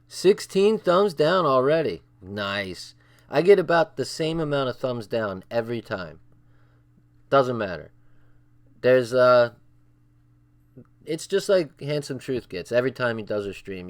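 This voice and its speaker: A man's voice: fairly low pitch, creaky. Casual man reading a crime book aloud. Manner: reads with asides, swearing and chuckles; breaks off to check the chat.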